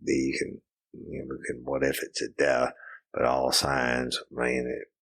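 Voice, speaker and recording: Man in his fifties, podcast co-host; very low gravelly voice, rambling jokey delivery. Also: completely flat delivery, moderate pace, a bit bright. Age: 50s. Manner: joking, rambling, with profanity. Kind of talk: casual chat.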